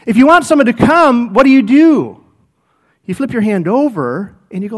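In a very high-pitched voice at a normal pace, a middle-aged pastor delivers a sermon full of personal stories. His storytelling is animated, and he performs the quoted speech of the people in them.

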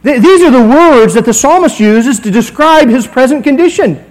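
A man's voice: extremely high pitch, expressive, moderate pace, darkish tone, poor audio. A man in his forties, a pastor preaching a conversational sermon in a church, acting out little dialogues as he goes. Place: church sanctuary.

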